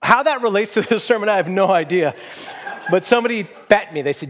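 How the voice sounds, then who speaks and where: A man in his forties preaching a sermon from a church stage, telling a story in an animated, rambling way with frequent restarts. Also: high voice, brisk. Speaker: pastor.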